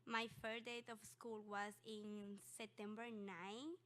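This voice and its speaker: A young woman whose first language is Spanish, with a Spanish accent, telling a personal story on stage in a halting way with many fillers. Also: mid-range voice, flat delivery, a bit bright. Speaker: student storyteller.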